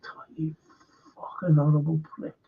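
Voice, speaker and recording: A man's voice: a little high, completely flat delivery, moderate pace, gravelly, breathy edge. A man hosting a live stream, rambling bluntly and swearing often. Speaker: show host. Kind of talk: casual live-stream chat. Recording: dull lo-fi stream audio.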